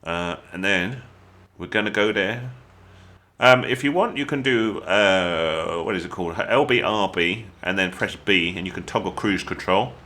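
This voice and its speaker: A low voice, a measured pace and a sharp tone mark this English gaming channel host. He gives viewers chatty, jokey tutorial commentary while playing a video game.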